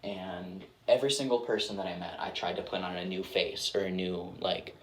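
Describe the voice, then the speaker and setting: As an actor guest in an interview, a young adult man answers questions in a low, fairly bright voice at a fairly quick clip. His replies are casual and rambling, packed with filler words and self-mocking jokes. The room sounds roomy, with faint background noise.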